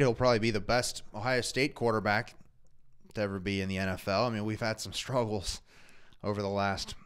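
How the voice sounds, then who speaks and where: A man co-hosting a casual fan chat show, talking through football news in a steady conversational way. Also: on the low side, clear, resonant tone. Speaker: co-host.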